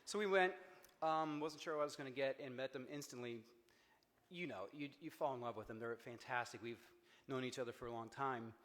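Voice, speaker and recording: A man from Cincinnati giving a personal memorial speech, storytelling with humor and jumps in pitch for emphasis. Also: brisk, a bit bright. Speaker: eulogy speaker, friend of the deceased. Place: memorial service hall. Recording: echoey hall with long reverb.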